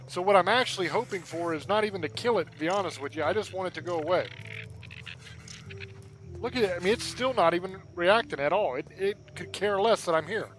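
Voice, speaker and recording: A man giving casual, chatty gameplay commentary, thinking out loud and getting exasperated, with game music behind him. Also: high voice, animated, fairly quick, rough recording. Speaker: gaming YouTuber.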